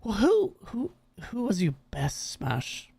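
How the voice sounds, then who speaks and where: A man's voice: high-pitched, wildly swooping pitch, takes it slowly, gravelly, a little mellow, husky, dry recording. A man hosting a podcast, teasing his guest with laughing banter. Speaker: podcast host. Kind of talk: casual chat.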